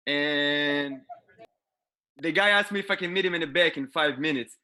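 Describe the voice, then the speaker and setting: A young man with an Israeli accent delivers a dry, deadpan stand-up set through a video call. His voice sits a little high and sounds bright and forceful, with slightly halting English. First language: Hebrew. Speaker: stand-up comedian.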